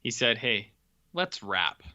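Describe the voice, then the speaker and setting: A man co-hosting a film podcast, chiming in with wry deadpan jokes and short replies. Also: on the low side, slow. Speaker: podcast co-host. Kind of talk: casual film review chat.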